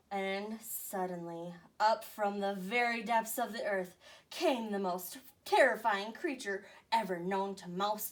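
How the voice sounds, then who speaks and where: A woman teacher reading a picture book aloud to young children with expressive storytelling. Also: mid-range voice, slow. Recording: voice a bit far from the mic.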